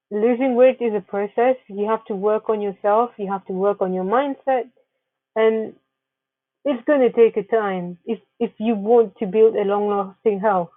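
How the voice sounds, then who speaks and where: A woman narrates a slideshow, offering earnest wellness advice and often restarting her sentences. Her voice sits a little high. The sound is tinny and phone-like, dry, with no echo.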